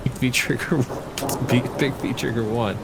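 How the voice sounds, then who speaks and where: A man in casual chat about fighting-game tactics on a stream, animated and laughing with friends. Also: medium pitch, measured pace, vocal fry. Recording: loud rain and thunder noise behind.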